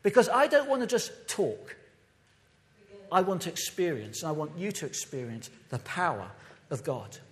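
A man's voice: fairly high pitch, big pitch swings, moderate pace, fairly bright tone. Uk pastor guy, emphatic sermon, big echoey church sound. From United Kingdom. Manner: impassioned, emphatic preaching.

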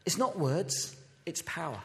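A man's voice: fairly high pitch, expressive, unhurried, fairly bright tone, long reverb tail. A man from the United Kingdom giving an impassioned sermon as a pastor, recorded in a church. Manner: impassioned, emphatic preaching.

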